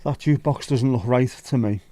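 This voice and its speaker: A Liverpool man with a Scouse accent hosts a casual livestream, greeting viewers by name, bantering, and grumbling about his own setup. His medium-pitched voice is mellow and fairly quick, recorded with no echo.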